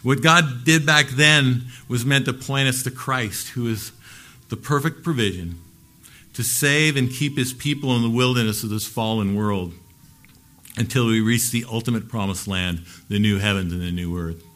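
A male pastor preaching a Sunday sermon, earnest, lifting his voice for emphasis and letting phrase ends fall soft. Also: mid-range voice, normal speed.

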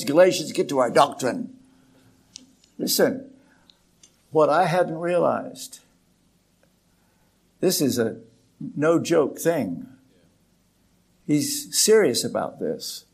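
Slow, dramatic older male preacher. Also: fairly high pitch, creaky, a little mellow, slightly rough. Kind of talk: sermon.

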